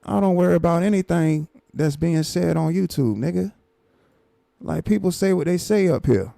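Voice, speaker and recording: A man with a gravelly, mellow voice reacts on a live stream, repeating himself in exasperated disbelief. His sound is dry and close, with no room around it. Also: fairly high pitch, normal speed, no room sound. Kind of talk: casual reaction commentary.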